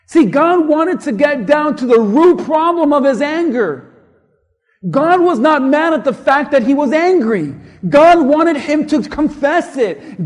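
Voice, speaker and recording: A male pastor preaching a sermon, impassioned and emphatic, dropping to hushed tones at times, in a large church hall. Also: very high-pitched. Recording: long reverb of a large hall.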